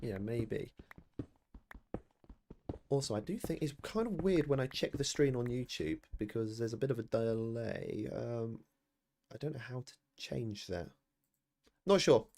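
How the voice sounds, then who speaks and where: A man's voice: mid-range voice, lively intonation, measured pace, gravelly, pauses often, darkish tone. A British man in his thirties chatting casually to viewers during a live game stream, rambling and self-deprecating. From Britain.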